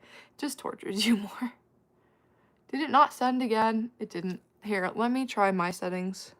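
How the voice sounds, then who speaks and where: A woman hosting a casual livestream, chatting with her viewers, laughing often and tossing out quick asides. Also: on the high side. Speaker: livestream host answering chat.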